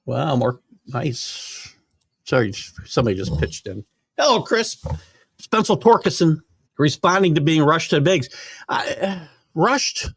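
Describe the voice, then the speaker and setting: A man's voice: on the high side, very animated, unhurried, slightly rough, no echo, studio quality. An older man hosting a live sports talk show, chatting casually and rambling with fillers while reading viewer comments. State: hiccups.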